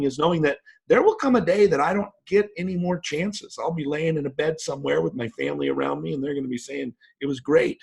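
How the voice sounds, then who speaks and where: A husky man in his fifties talks in a motivational interview. He tells stories with emphasis and his voice leaps up when he quotes people. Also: mid-range voice. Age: 50s. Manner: emphatic storyteller, voice jumps up for quoted lines. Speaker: guest speaker.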